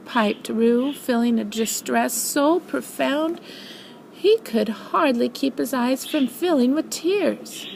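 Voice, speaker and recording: An older woman reads a storybook aloud to her grandchildren, expressive and animated. Her voice is fairly high with a gravelly grain. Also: takes it slowly, a little hiss or hum, low-quality recording.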